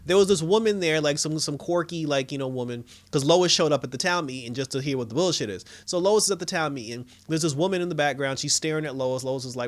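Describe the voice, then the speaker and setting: A man casually recapping a TV episode, animated and swearing, acting out the characters' lines with laughs. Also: on the high side, fast talker. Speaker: show reviewer.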